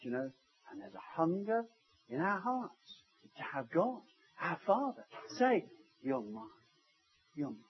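A man preaching a sermon in a church service, telling stories and swinging between loud passages and hushed ones. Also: high-pitched, big pitch swings, unhurried, highs cut off. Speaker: pastor.

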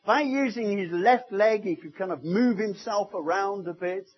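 High, husky-voiced preacher man. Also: moderate pace, muffled recording. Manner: storytelling preacher, swinging from loud to hushed. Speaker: pastor. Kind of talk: sermon. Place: church service.

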